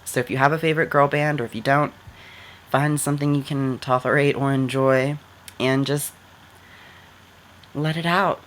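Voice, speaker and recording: A woman's voice: extremely low pitch, fairly even intonation, normal speed, long pauses. A woman vlogger giving casual advice into her computer camera, talking loosely with lots of "like" fillers. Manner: chatty, many "like" fillers.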